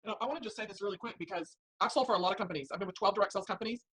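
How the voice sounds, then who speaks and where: A woman's voice: medium pitch, racing, fairly bright tone, slightly rough, low-quality recording. A woman in direct sales giving an upbeat, persuasive motivational talk to her team.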